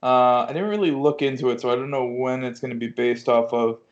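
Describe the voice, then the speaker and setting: A man's voice: mid-range voice, brisk. A man co-hosting a casual chat show, hesitant and hedging his words. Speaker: podcast co-host. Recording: dull lo-fi audio.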